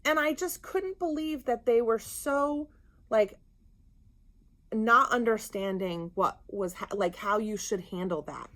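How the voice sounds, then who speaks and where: A woman's voice: fairly high pitch, slow pace. Woman co-host telling a story. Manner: animated, indignant retelling. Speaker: podcast co-host. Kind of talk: casual storytelling chat.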